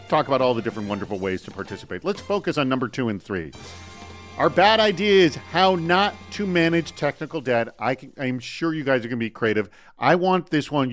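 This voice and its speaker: An upbeat male host with a lively, swooping voice who chats his way through announcements. His sound is close and dry, and faint music sits quietly underneath. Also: medium pitch, no room sound. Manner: energetic, chatty, runs through announcements. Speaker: host of a live online show. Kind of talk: upbeat live show hosting.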